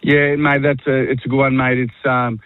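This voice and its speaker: A man's voice: mid-range voice, level tone, moderate pace, no echo. An Australian man being interviewed on radio, talking earnestly and casually, calling everyone mate. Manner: blokey, says mate constantly, earnest. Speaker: workshop facilitator and guest. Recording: tinny phone line.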